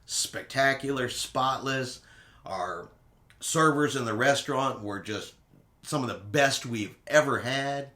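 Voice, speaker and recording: A man hosting a travel vlog, telling a casual cruise recap in an animated way and acting out quotes dramatically. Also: medium pitch, takes it slowly, echoey room. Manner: animated storyteller who acts out quotes dramatically.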